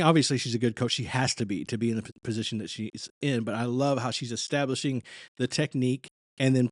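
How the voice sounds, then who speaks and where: A man hosting a reaction channel talks over a singing lesson clip in an easy, thinking-aloud manner. His voice sits at an ordinary middle pitch and is recorded close and dry, with no room around it. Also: no echo. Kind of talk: commentary on a vocal lesson video.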